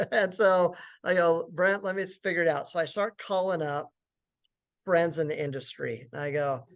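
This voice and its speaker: A middle-aged man, a company founder, telling a lively business story at a forum and acting out what other people said. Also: on the high side, normal speed, gravelly. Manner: animated, acts out quotes of others.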